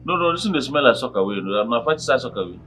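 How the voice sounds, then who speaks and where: A man's voice: medium pitch, expressive, very fast, natural voice. An actor with a Nigerian Pidgin accent playing a brash young man who complains and argues. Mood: mocking. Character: cocky young man arguing with his father. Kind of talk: film acting. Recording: music in background.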